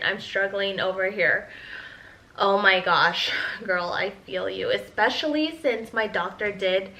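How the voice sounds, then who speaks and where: Chatty bright-voiced mom vlogger. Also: female voice, mid-range voice, rough recording. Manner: chatty, candid, talks straight to viewers. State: pregnant. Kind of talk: casual Q&A update.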